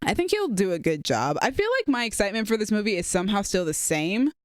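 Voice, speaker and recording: A fast-talking man with a slightly high, smooth voice, co-hosting a casual movie review chat. He rambles eagerly through his thoughts with fillers. The sound is dry and close. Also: very animated, dry recording. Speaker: podcast co-host.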